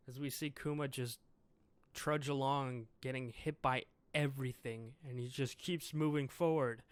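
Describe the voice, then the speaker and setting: A man's voice: medium pitch, steady tone, a little slow, clean tone, no room sound. A man giving a casual solo review of a comic chapter, reading lines aloud and commenting with chuckles. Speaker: manga reviewer.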